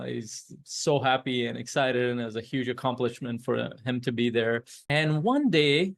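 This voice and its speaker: A man tells a story in a casual, unscripted way and pauses often to restart his sentences. His delivery is reflective, and his voice sits at an ordinary middle pitch. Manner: reflective, halting, with frequent restarts. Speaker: speaker.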